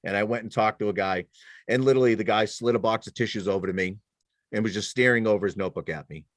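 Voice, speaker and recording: Animated storytelling veteran man, dry close sound. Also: fairly low pitch, fast talker, dry recording. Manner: animated storyteller, self-deprecating, many restarts. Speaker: guest, former police officer and military veteran. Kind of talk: casual podcast conversation.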